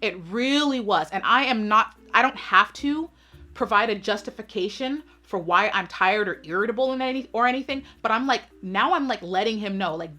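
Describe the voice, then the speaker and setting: A woman's voice: medium pitch, lively intonation, normal speed, bright, forceful tone. A woman hosting her channel, telling a storytime vlog in a sassy, emphatic way and often checking in with her audience. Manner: sassy, emphatic, keeps asking "right?". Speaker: channel host.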